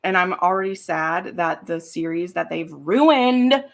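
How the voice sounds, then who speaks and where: A woman's voice: lowish voice, lively intonation, a little slow, vocal fry. A woman hosting a casual live stream, chatting in a rambling way, swearing freely and laughing easily. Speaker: booktube host. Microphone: streaming from home setup.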